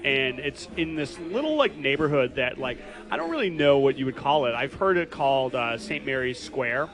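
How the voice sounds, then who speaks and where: A man hosts a relaxed podcast conversation, rambling and circling back with plenty of fillers. His pitch sits in the middle of the male range. Music plays clearly in the pub behind him. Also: moderate pace, poor audio. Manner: rambling, full of fillers and restarts. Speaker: podcast host. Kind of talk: casual chat.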